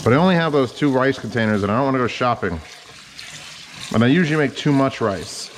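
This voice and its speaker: A man's voice: medium pitch, animated, fast, long reverb tail, slight background noise. A man cooking in his home kitchen, chatting in a rambling, casual way and swearing freely. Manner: rambling, profane, chatty asides. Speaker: home cook vlogger.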